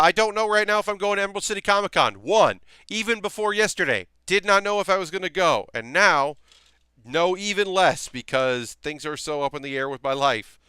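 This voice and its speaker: Chatty man streaming, crisp bright voice. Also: on the high side, no echo. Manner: chatty, reassuring, thinks aloud with restarts. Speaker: streamer building a model kit. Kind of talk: casual live-stream chat while building.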